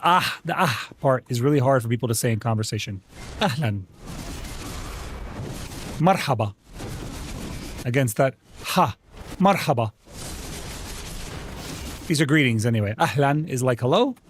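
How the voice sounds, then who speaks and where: A man's voice: mid-range voice, animated, quick pace, hardly any pauses, slight background noise. Laid-back chatty male streamer. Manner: loose, chatty, rambling with restarts and laughs. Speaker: streamer host. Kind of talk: casual gaming stream chat.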